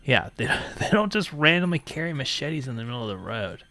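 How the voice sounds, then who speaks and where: A man's voice: mid-range voice, very animated, brisk, pushed and bright. A man hosting a call-in talk stream, telling a rambling story in casual chat with frequent laughs. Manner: rambling, laughs often, mock phone-menu voice. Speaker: call-in show host.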